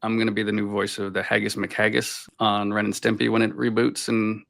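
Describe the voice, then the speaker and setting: Guy from boston rambling thru stories on a video call, lots of "like", low gravelly voice. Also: level tone, a little fast, fairly bright tone. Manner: rambling anecdotes full of filler "like". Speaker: voice actor guest. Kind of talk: casual interview storytelling.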